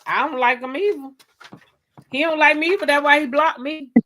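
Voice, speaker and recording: Bright, sassy woman hosting a chat. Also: high voice, normal speed. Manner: sassy, animated, laughs at herself. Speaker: host. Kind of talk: casual chat.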